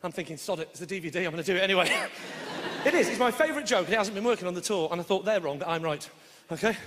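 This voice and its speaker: A man's voice: high voice, animated, very fast. A man doing live stand-up comedy, bantering with the audience in a brash, sweary way. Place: large theatre, live audience. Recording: roomy live theatre with loud crowd.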